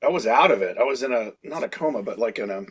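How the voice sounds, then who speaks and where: Husky, lively man in his sixties. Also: medium pitch, fast talker. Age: 60s. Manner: animated storyteller who laughs often and acts out quotes. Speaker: guest creature designer. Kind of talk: casual interview storytelling.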